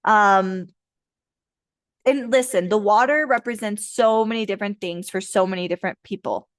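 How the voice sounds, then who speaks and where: Woman in her 30s doing a chill tarot card reading, jokey and swears a lot, mid pitch, dry close sound. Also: moderate pace, no room sound. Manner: chatty and playful, jokes, laughs and swears often. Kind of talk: casual pick-a-card reading to viewers.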